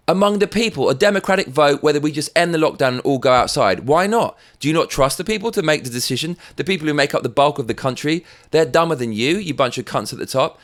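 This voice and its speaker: An English man hosting his own show, delivering sweary, sarcastic commentary on the week's news. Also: a little high. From England. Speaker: show host. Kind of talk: ranting commentary.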